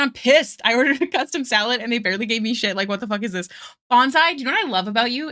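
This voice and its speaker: A woman's voice: on the high side, pushed and bright. A young woman chatting casually on an art livestream from her apartment, a little out of breath, greeting viewers by name and laughing often. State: a bit out of breath. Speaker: art streamer. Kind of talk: casual livestream chat while drawing. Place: home apartment.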